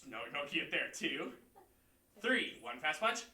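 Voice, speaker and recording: Energetic male martial arts instructor, lively and encouraging, counts and shouts moves; recorded far off in a roomy space. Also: fairly high pitch, a little slow. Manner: encouraging, pep-talk delivery. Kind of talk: leading a livestream class. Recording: echoey room, voice far from mic.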